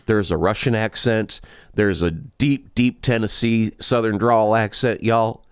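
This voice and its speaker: A man's voice: on the low side, measured pace, clean tone, no room sound, clean studio sound. A man co-hosting a podcast, chatting casually and rambling through a movie review with restarts. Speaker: podcast co-host. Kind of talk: casual chat.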